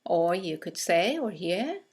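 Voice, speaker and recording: A woman teaching English in a scripted lesson, speaking with clear, careful delivery as she reads out example phrases. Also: lowish voice, sing-song, slow, a little mellow.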